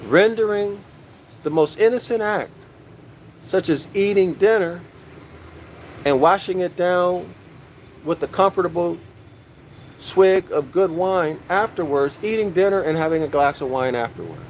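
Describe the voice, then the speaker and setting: A man's voice: high-pitched, measured pace, slight background noise, low-quality recording. A man giving a teaching lecture from a book, repeating key phrases and asking his listeners questions, calling them "y'all".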